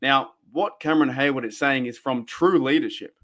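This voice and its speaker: An Australian man hosts a casual fan live stream, talking into a desk microphone. He rambles and gets excitable, breaking off to answer his chat viewers. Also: mid-range voice, moderate pace. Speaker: fan podcast host.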